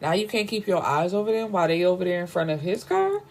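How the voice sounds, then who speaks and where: A woman's voice: lowish voice, big pitch swings, quick pace, darkish tone. A woman voicing a jealous young woman who questions and accuses her partner. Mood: accusing.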